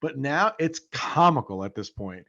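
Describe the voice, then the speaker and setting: A man's voice: mid-range voice, sing-song, moderate pace, sharp tone. Man, podcast co-host, casual and profane, hammers points home, dull lo-fi sound. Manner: swears often, repeats for emphasis. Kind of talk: casual sports chat.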